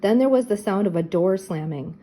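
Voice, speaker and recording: Older lady reading a kids' mystery book out loud, clear and expressive, soft dark tone. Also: medium pitch, fairly quick, low-quality recording. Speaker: storybook reader. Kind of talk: children's storybook read-aloud.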